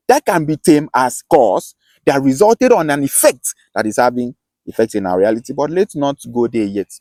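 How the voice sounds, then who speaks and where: The voice is a little high and a little mellow, with no echo. Speaking with a Nigerian Akwa Ibom accent, this self-styled teacher gives an emphatic, passionate lesson, repeating himself and restarting phrases often.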